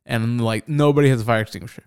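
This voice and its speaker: A man's voice: mid-range voice, quick pace, smooth, no room sound, studio quality. A young man hosting a podcast, telling a story in casual, profane chat and acting out the other people in it. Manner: animated, profane, acts out quoted voices. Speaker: podcast host.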